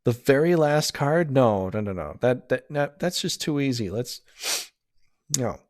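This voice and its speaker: A man talks through a casual tarot reading in a mid-pitched voice, recorded close and dry with no room sound. He rambles, talks himself in circles and laughs at his own bad luck. He sounds self-deprecating and gets easily flustered. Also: expressive, unhurried, no echo. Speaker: tarot reader.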